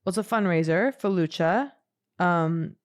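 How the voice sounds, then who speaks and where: A woman's voice: lowish voice, unhurried. A woman in her thirties co-hosting a podcast, telling a long rambling story in casual chat and acting out what people said. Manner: animated, rambling, acts out quotes. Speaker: podcast co-host.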